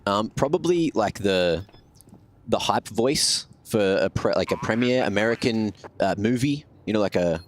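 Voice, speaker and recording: A male esports caster chats in a relaxed, joking way between rounds. His voice sits low. A faint hiss runs behind it. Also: a little slow. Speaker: esports commentator. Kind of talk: casual chat on a broadcast.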